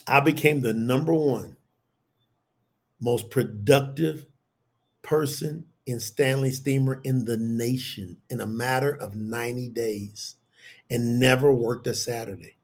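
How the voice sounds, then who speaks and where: A man's voice: mid-range voice, measured pace, breathy edge. A middle-aged man preaching a sermon, talking animatedly and calling out to his listeners as y'all. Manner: animated, addresses the audience as y'all.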